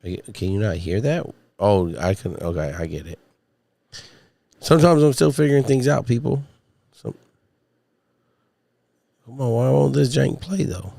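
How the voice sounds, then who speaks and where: A podcast host still getting his voice back after being ill chats with viewers on a casual solo livestream, rambling and cursing. His mellow, creaky voice is medium-pitched and expressive, at normal speed with frequent pauses. The dry recording comes from a studio mic and podcast mixer.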